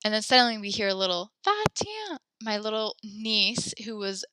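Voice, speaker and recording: A woman's voice: medium pitch, flat delivery, fairly quick, sharp tone, clear, resonant tone. A young adult woman teaching a French class, upbeat and encouraging, chatty with fillers as she explains. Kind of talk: online class lesson.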